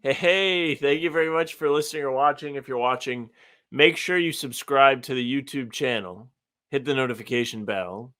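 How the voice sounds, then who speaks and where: Laid-back man with a bright voice. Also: medium pitch, normal speed. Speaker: podcast co-host. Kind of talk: casual chat.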